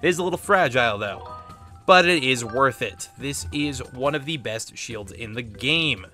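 A playful, chatty man commenting casually on a video game. His pitch moves freely, and faint music plays underneath. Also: animated, normal speed, bright, forceful tone. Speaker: let's play host.

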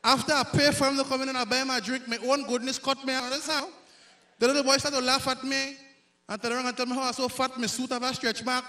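A man from Grenada with a Grenadian accent, performing a loud, self-mocking stand-up comedy set on stage. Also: very high-pitched, little pitch movement, fast. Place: live comedy stage before an audience.

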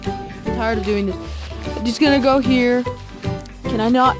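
Excitable high-voiced woman playing a game. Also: measured pace, music in the background. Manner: excitable, jittery, talks to viewers while playing. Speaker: gaming video creator. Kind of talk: casual gameplay commentary.

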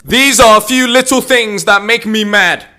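A young man delivering a profane comedic rant, swearing constantly and bursting into shouts. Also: high-pitched, normal speed. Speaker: comedy ranter.

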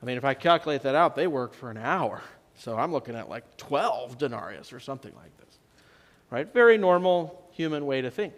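A man preaching a sermon as pastor, telling the story in a conversational way and swinging between loud and soft for emphasis. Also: mid-range voice, expressive, a little fast. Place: church sanctuary. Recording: long church reverb.

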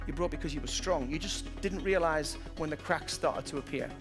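A man's voice: on the high side, a little fast, music in the background. A man, a motivational speaker telling a story to a live audience and acting out the people he quotes. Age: 50s. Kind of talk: keynote talk to a live audience.

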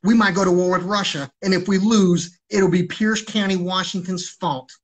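A man's voice: sits high, steady tone, moderate pace. A man ranting on a livestream in an agitated, rambling way, swearing heavily.

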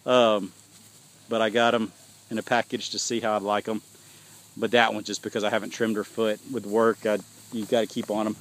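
A man's voice: on the low side, little pitch movement, a little fast. A man gives a rambling, casual walking tour of his homestead, chatting to viewers as he films outdoors on his phone. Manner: rambling, folksy, talks to viewers as y'all. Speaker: homesteader showing his farm. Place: outdoors on a farm in hot weather. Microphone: phone camera held while walking. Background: sheep and goats bleating.

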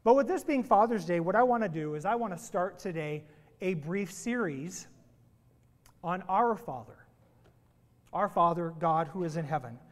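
A high-pitched male pastor delivers a sermon in a church sanctuary, his voice trailing off into a long hall reverb. He tells jokes in a playful, animated way before he starts preaching. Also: normal speed. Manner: playful, animated joke-telling.

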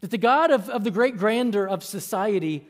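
A man's voice: high-pitched, animated, moderate pace. A man preaching a sermon as a pastor in a church, conversational, with frequent restarts and asides to the congregation. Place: church sanctuary.

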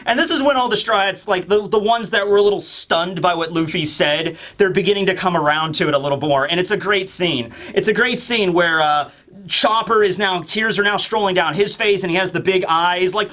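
A man's voice: high-pitched, brisk, bright, forceful tone. A man hosting a manga review who talks in an emphatic, insistent, joking way. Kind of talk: casual commentary video.

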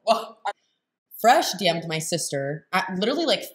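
A woman's voice: fairly low pitch, very animated, moderate pace. A young woman hosting a reaction video, talking in a blunt, sarcastic and profane way. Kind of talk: casual reaction commentary.

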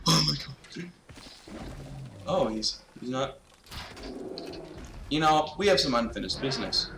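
Young man, gameplay commentary, lively pitch, very slow pace, roomy far-off mic, noisy background. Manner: excitable, swears, bursts into panicked shouting. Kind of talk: let's play commentary.

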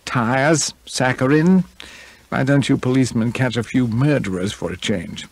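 A man's voice: mid-range voice, measured pace, creaky, dry recording, voice pushed up. A man voicing a hot-tempered, drunken male writer who blusters and grows indignant in a spoken storybook reading. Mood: scornful. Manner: blustering, indignant, rising to shouts.

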